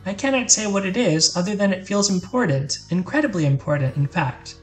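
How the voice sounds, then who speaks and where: A gentle, formal young woman from a video game speaks in courteous, measured phrasing, as a woman voices her. Her pitch sits in the middle, and she stays polite and wistful. Faint game music plays beneath her lines. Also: lively intonation, close to an everyday voice.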